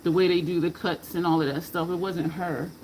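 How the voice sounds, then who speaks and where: A woman's voice: fairly low pitch, fairly even intonation, brisk, darkish tone, slight background noise, poor audio. A woman chatting casually while she does her makeup, rambling from story to story, laughing and cursing freely. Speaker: makeup vlogger.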